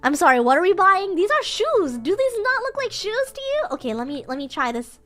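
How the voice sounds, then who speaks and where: Bubbly high-voiced woman teaching. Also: fairly quick, soft background music. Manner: giggly, animated, acts out little scenes. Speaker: streamer teaching Japanese vocabulary. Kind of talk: playful livestream lesson.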